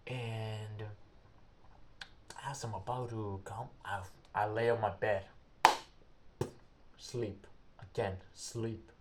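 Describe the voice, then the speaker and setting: A man's voice: lowish voice, flat delivery, very noisy. A young man, an English speaker, telling a story casually and rambling, searching for words. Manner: rambling, halting, searches for words, acts out quotes loudly.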